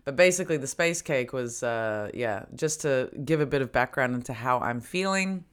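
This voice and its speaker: A woman's voice: a bass voice, animated, normal speed, clean tone. A woman hosting a casual comedy podcast, rambling and giggly, a little spaced out and drowsy. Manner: rambling, giggly, many fillers. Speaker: podcast host.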